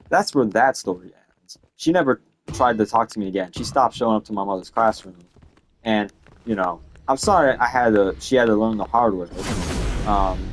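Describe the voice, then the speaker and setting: A man's voice: mid-range voice, slight background noise. A young man in his late teens telling a story in a casual, exasperated rant, swearing freely and checking in with "okay?" and "all right?". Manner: profane, tags lines with "okay?" and "all right?"; exasperated, ranting.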